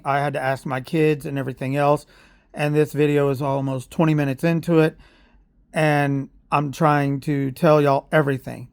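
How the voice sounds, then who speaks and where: A man's voice: fairly high pitch, dry recording, studio quality. A man from Oklahoma, telling a heated, blunt story in a vlog rant with sarcastic asides. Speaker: parent vlogger. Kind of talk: ranting vlog monologue.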